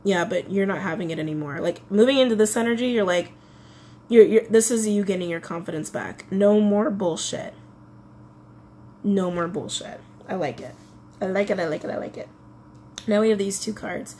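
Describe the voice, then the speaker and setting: A woman's voice: medium pitch, fairly quick, dark tone, slight background noise. A woman giving a casual tarot reading, chatty, often repeating her phrases. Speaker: tarot reader.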